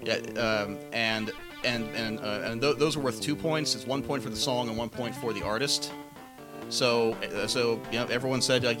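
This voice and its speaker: A man's voice: mid-range voice, moderate pace, music in the background. A man co-hosting a podcast, telling rambling stories in casual chat with frequent stammers and restarts. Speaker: podcast co-host.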